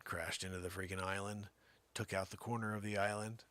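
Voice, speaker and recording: A man hosting a comedy show, telling a rambling tall tale that swings from shouts to mutters. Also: deep voice, a little fast. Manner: animated storytelling, swinging between shouts and mutters. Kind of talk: rambling comic monologue.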